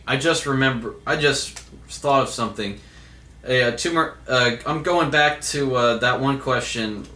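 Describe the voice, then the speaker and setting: A man's voice: medium pitch, bright, forceful tone, reverberant. A man answering viewer questions in a casual monologue, hesitant, with many fillers and restarts.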